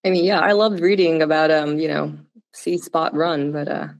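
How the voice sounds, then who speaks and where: Low-voiced woman moderating casually. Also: normal speed, vocal fry, dull audio. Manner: casual, hesitant questioning. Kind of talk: online panel discussion. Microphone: video call.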